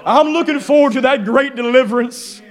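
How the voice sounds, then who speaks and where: A man preacher giving a fervent sermon in church, often shouting with rising intensity. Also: extremely high pitch, normal speed. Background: faint piano music.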